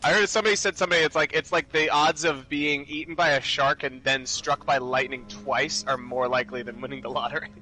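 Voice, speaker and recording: A man's voice: mid-range voice, fairly even intonation, a little fast, few pauses, sharp tone, soft background music, low-quality recording. A man guesting on a live game stream, joking and riffing on silly bits with friends. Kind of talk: casual chat.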